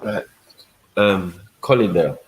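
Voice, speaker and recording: A man's voice: deep voice, measured pace, slight background noise, rough recording. A man hosting a livestream, joking and teasing in slangy casual banter. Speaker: livestream host.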